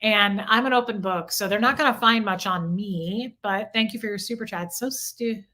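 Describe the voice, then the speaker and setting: A woman's voice: mid-range voice, moderate pace, sharp tone. A woman from Omaha hosting a casual livestream, reading viewer comments aloud and answering them in a candid, confessional way, swearing freely. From Omaha, United States. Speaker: livestream host.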